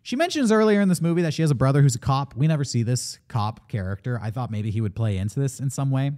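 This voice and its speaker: A man's voice: mid-range voice, quick pace. A man talking casually on a movie podcast, eagerly retelling a plot and quoting the characters. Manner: animated, retells plot with quoted voices. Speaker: podcast co-host.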